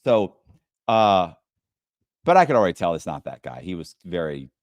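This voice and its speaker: Lively low-voiced man telling stories. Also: normal speed, no echo. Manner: profane, animated retelling. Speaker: guest. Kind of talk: casual storytelling.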